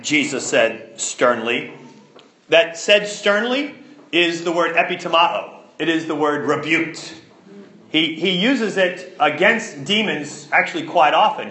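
Animated male preacher, bright and lively. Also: on the high side, reverberant. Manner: animated, emphatic, repeats words when stressing a point. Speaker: pastor. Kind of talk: sermon.

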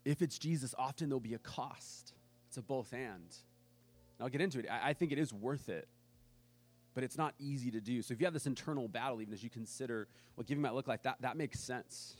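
A man's voice: medium pitch, fairly quick, faint music behind. A man preaching a sermon as pastor, telling a story in a casual way and acting out the people he quotes.

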